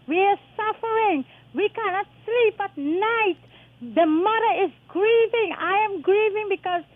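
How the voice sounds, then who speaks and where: A woman's voice: extremely high pitch, dry recording. Distressed Guyanese woman on a tinny phone line. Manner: distressed, pleading, calls the host son and my dear. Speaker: caller. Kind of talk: call-in talk radio. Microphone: telephone.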